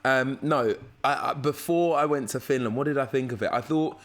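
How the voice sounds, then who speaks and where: A young man with a South London accent and a mid-range voice chats at a moderate pace as a guest on a casual podcast. A radio presenter himself, he's an animated storyteller who acts out the dialogue of the people in his stories.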